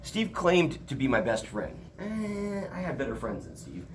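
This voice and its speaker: A middle-aged male instructor talks to a classroom in a loose, joking way, his pitch rising and falling freely. He tells stories with plenty of asides. A faint background hiss sits under his voice. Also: unhurried. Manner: animated, joking storyteller. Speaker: college instructor. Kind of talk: casual classroom lecture.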